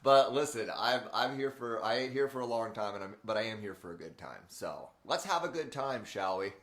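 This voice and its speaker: Male host, bright voice, rambling and chatty, echoey empty room, live-stream feel. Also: mid-range voice, animated, a little fast. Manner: chatty, rambling, laughs often, greets viewers by name. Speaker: host, transformational speaker and coach. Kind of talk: unscripted live-stream talk. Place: room in a new house being made into a studio. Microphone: camera framing, live stream.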